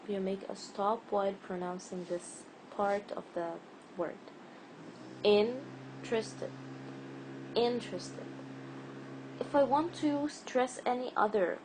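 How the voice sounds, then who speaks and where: A woman gives a spelling and pronunciation lesson at an unhurried pace, repeating each word and drawing out its stressed syllable. Her voice sits in a middle range. A clear noisy hiss runs behind her. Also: medium pitch. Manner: patient, repeats words slowly, stretches stressed syllables. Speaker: teacher.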